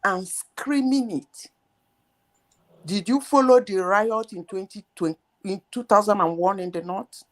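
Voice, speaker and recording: A woman's voice: medium pitch, unhurried. A woman hosting a heated live debate, insistent and emphatic, firing rhetorical questions. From Nigeria.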